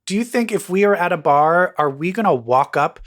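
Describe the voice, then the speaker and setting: A man's voice: sits high, expressive, a little fast. A man in his forties co-hosting a podcast, chatting casually with rambling, crude jokes that trail off into laughter. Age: 40s. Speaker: podcast co-host. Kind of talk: casual chat.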